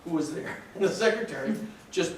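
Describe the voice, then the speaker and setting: A man, a lawyer, casually telling an animated story to a class and acting out the people he quotes. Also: a little high, normal speed, a little hiss or hum. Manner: animated, acts out quoted voices, restarts sentences. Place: large echoey classroom or lecture room. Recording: echoey room, distant mic, faint ambience.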